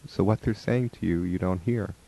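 Low-voiced man giving a spiritual talk. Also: moderate pace, gravelly, warm tone, breathy edge. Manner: conversational, acts out quoted voices. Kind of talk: spoken talk on relationships.

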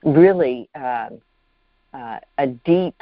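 A host talking reflectively about spiritual ideas, with searching, halting phrasing. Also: medium pitch, animated, dry recording, narrow, tinny audio.

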